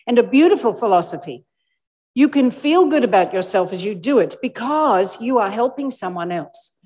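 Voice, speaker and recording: Australian woman, motivational speaker, high lively voice, echoing hall. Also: moderate pace. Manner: animated, playfully mimics audience voices. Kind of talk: motivational keynote talk. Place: large hall with live audience. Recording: echoey hall with long reverb.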